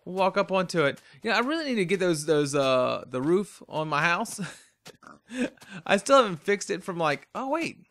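Playing through a game for his let's play, a weary, yawning man keeps up a casual, rambling chat with himself. His high voice is a bit bright and sing-song, at normal speed.

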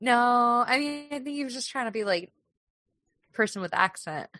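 A woman's voice: a little high, expressive, moderate pace, bright, forceful tone, dry recording, clean studio sound. A woman co-hosting a podcast, chatting casually about a movie, giggling often and filling her talk with "like". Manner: giggly, chatty, lots of fillers. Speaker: podcast co-host. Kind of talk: casual movie-review chat. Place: lives in Austin.

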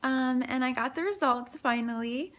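A young woman filming a casual health vlog, short of breath and talking haltingly with many ums and restarts. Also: high voice, a bit bright. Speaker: vlogger.

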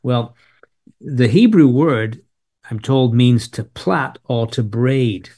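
A man of ordinary, mid-range pitch leads a verse-by-verse Bible teaching. He reads each passage aloud and then talks it through in a relaxed, explanatory way, with a soft chuckle here and there. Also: takes it slowly, husky. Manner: conversational and explanatory, reading scripture aloud then unpacking it.

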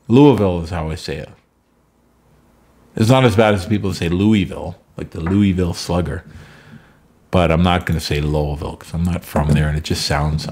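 A man with a deep, low-pitched voice talks through a sports management game at home. His delivery is loose and chatty, wandering into side stories between plays. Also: darkish tone. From Canada. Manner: chatty, rambling asides. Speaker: gameplay commentator. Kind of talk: casual gameplay commentary.

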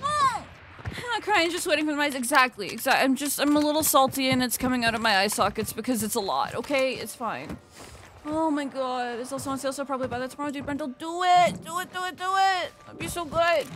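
A young adult woman streaming a shooter game, chatting with viewers, swearing freely and reacting loudly to tips. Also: high-pitched, fast talker. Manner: excitable, swears a lot, reacts loudly to donations. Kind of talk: live gaming stream chat and commentary. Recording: noisy home stream recording with keyboard clicks.

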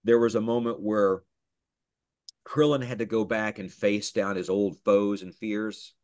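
A middle-aged man, a voice actor, chatting casually in an interview and telling lively stories. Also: fairly low pitch, a little slow. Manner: animated storyteller, slips into character voices. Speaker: voice actor guest.

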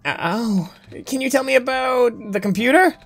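A woman's voice: fairly high pitch, moderate pace, creaky, faint music behind, voice pushed up. A woman voicing a lost young boy hero who talks hesitantly and stammers. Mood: unsure.

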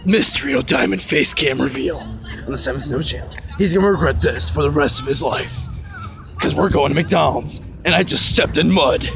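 A man vlogging casually while walking outdoors by a road, joking and teasing his friend, over loud background music. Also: a little high, animated, moderate pace, creaky. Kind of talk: casual vlog chat.

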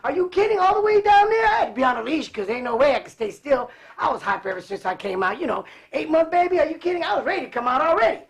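A man from Cleveland who grew up in California, a guest telling animated stories with frequent laughter. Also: extremely high pitch, fast, creaky, hardly any pauses. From Cleveland, raised in California. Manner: animated, laughs often, acts out voices. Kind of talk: casual storytelling.

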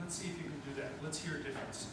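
Man with a high, echoey far-off voice. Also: steady tone, racing, background noise. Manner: questioning, encouraging. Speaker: band clinician. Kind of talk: rehearsal teaching. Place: rehearsal room with a wind band. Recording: echoey rehearsal room from far off.

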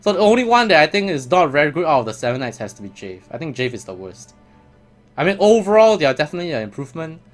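A man's voice: a little high, big pitch swings, quick pace, soft background music. A man giving casual, chatty commentary as a gaming vlogger, laughing often.

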